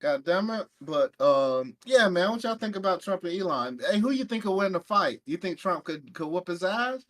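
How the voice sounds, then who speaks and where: Loud joking man hosting a podcast. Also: sits high, expressive, normal speed, few pauses. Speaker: podcast host. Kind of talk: casual chat.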